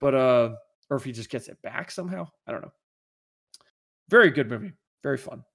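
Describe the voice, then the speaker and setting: A man's voice: mid-range voice, lively intonation, a little fast, creaky, fairly bright tone. A man chatting casually about movies as a podcast co-host, rambling and enthusiastic, with many restarts.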